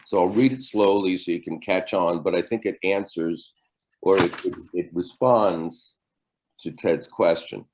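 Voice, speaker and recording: An older man leads a class over a video call, his voice on the low side and his delivery unhurried. He stops and restarts often and fills the gaps with ums. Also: darkish tone, slight background noise. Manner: halting, many fillers and restarts. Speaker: teacher. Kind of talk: virtual class lecture.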